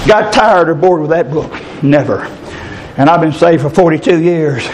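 A man's voice: high-pitched, normal speed, darkish tone, slight background noise. A middle-aged man, preaching a folksy, fervent sermon and calling out to listeners by name.

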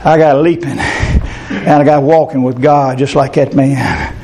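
An older man preaching a fervent sermon, his voice leaping up into shouts at its peaks. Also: mid-range voice, steady tone, measured pace. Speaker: pastor.

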